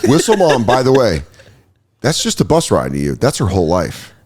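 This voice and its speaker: Animated man hosting a podcast. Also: mid-range voice, normal speed, slightly rough. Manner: animated, swears a lot, slips into put-on voices. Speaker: podcast host. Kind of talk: casual chat.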